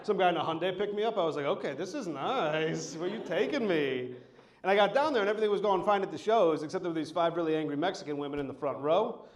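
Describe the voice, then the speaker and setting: A man performing live stand-up, his voice sitting a little high for a man and bouncing around an echoey room. He tells stories in a loose, profane way through a handheld stage mic. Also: racing, hardly any pauses. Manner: loose, profane, storytelling delivery. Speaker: headlining stand-up comedian. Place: live comedy show at an art venue.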